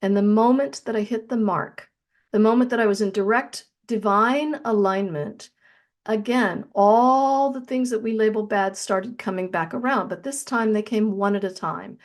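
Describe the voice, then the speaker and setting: A woman with a mid-range voice shares a personal spiritual story as an interview guest. Her telling is earnest and reflective. She slows down on the phrases that matter most. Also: mid-range voice.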